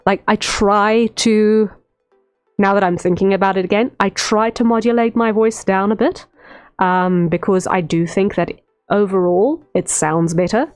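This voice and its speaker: Slow, rambling woman streamer. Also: medium pitch, steady tone. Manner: unhurried, rambling, many "um" fillers. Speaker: streamer, VTuber artist. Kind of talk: casual livestream chat while drawing. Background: faint stream music.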